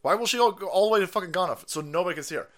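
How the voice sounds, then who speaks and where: A man hosts a livestream and rants about politics in foul, mocking language. His voice sits fairly high for a man, and he laughs between his jabs. He swings between drawn-out sneers and quick outbursts. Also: animated, fairly bright tone. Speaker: streamer host. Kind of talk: profane political rant.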